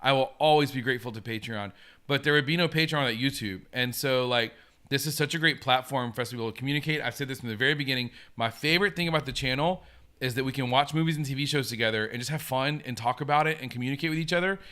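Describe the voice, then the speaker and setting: A man hosting a relaxed live stream, talking in a bright, forward voice. He chats eagerly and answers viewer comments as they come in. His pitch sits in an ordinary middle range for a man. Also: racing. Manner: chatty, enthusiastic, reacts to viewer comments. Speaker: host. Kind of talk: casual live-stream chat.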